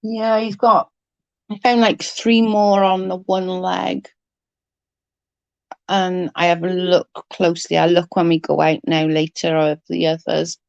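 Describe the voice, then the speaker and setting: A woman's voice: fairly low pitch, flat delivery, measured pace, gravelly, darkish tone, no room sound, highs cut off. A middle-aged British woman chatting casually with viewers on a livestream, rambling as she answers comments.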